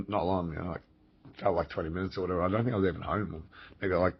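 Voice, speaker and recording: Australian man, deep voice, rambling profane storytelling, dull lo-fi recording. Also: husky. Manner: rambling, profane, frequent fillers and restarts. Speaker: vlogger telling a personal story. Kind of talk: casual storytelling monologue.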